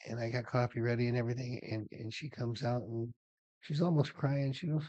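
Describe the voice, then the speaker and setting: A man's voice: medium pitch, fairly even intonation, brisk, warm tone. Folksy older man co-hosting. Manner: folksy, storytelling, repeats words. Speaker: co-host. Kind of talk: casual local talk show chat.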